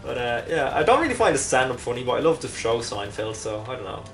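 A man's voice: mid-range voice, big pitch swings, fast talker, creaky, a bit bright, distant mic, a little hiss or hum. Casual let's-play guy, rambling jokey asides, sits back from the mic. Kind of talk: casual gameplay commentary.

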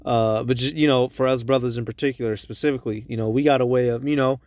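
A man giving an informal, profane religious teaching from inside a car, blunt and halting, often stumbling over his words. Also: medium pitch, steady tone, darkish tone, no echo. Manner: blunt and profane, with street slang. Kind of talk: informal preaching monologue.

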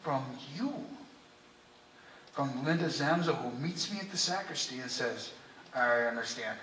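Impassioned preacher, bright voice, echoing church. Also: male voice, fairly high pitch, animated, unhurried, recorded from a distance, slight background noise. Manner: impassioned, heartfelt, often drops to a hushed earnest tone. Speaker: priest. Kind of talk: sermon. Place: church sanctuary. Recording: echoey church recorded from afar.

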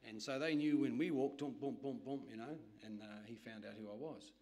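A man's voice: mid-range voice, brisk, a little mellow. Man preaching in rambling stories. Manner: rambling, conversational storytelling with restarts. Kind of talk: sermon with personal stories.

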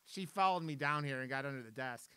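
A man's voice: mid-range voice, fast talker, bright, forceful tone, smooth. A man live-streaming from his desk at home, chatting in a playful way and swearing casually.

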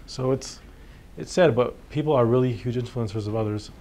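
A man's voice: medium pitch, a little fast, a little mellow, slight background noise. Man, physician, informal lecture, filler-heavy, conversational. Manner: conversational, full of fillers, acts out patients' words. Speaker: physician giving a workshop talk.

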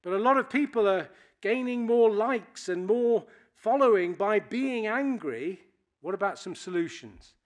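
A man's voice: high-pitched, lively intonation, unhurried. A man in his sixties from Britain, giving a public speech to an audience and telling wry, anecdotal stories. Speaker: keynote speaker.

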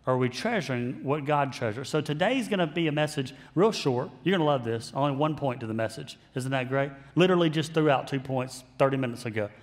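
A man's voice: medium pitch, animated, fairly quick, few pauses, in a large hall. A male pastor preaching a sermon in a conversational style with self-deprecating humor.

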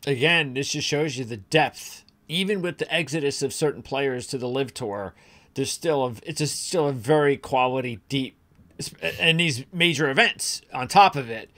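A man's voice: medium pitch, normal speed, a bit bright. A man co-hosting a golf betting podcast, opinionated and rambling, with frequent restarts and fillers. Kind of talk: casual sports chat.

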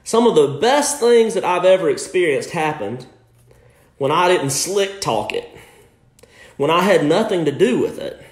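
A man preaching a sermon as a pastor, impassioned, with shouts and bursts of laughter. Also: high voice. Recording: echoey room.

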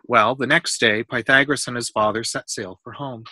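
Man reading a storybook to a kid, patient and explanatory; very bright tone, dry close mic. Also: medium pitch, fairly even intonation, normal speed, dry recording. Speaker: reading aloud to a child. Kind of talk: storybook read-aloud with math questions.

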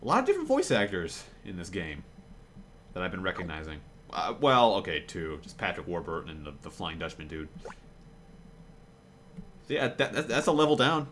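A man's voice: lowish voice, fairly bright tone, slight background noise. A man giving casual gameplay commentary, rambling and swearing freely with lots of fillers and restarts. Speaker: let's play commentator. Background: game music.

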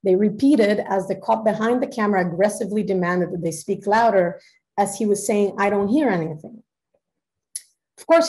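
A woman's voice: medium pitch, a little mellow, poor audio. A woman from Peru, reading a prepared academic lecture carefully over a video call. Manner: measured, careful delivery of written text. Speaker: academic presenter.

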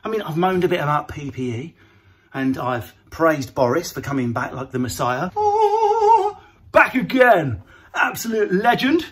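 A man doing a comedy rant to camera, animated and mocking, jumping into put-on voices. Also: mid-range voice, moderate pace, husky.

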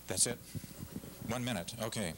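A middle-aged man delivers a passionate speech to a civic audience, pressing his points with repetition and false starts. His voice sits low, and a faint hiss lies under the recording. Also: moderate pace. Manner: passionate, emphatic, repeats himself. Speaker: guest speaker. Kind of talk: public speech at a civic forum. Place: lecture hall with audience.

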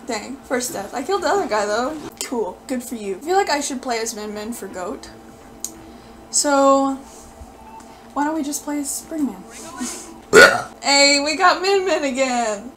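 A woman giving live gameplay commentary, excitable and loudly pleading and cheering at the game as she plays. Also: high-pitched, a little slow, pauses often, faint music behind. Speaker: gaming video creator.

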